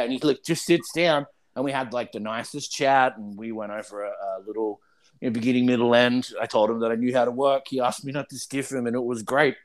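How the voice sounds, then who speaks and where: A man's voice: medium pitch, fairly even intonation, brisk. A man hosting a podcast, telling a story in casual, profane chat and laughing often. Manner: profane, laughing, acts out quotes. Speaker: podcast host, wrestler.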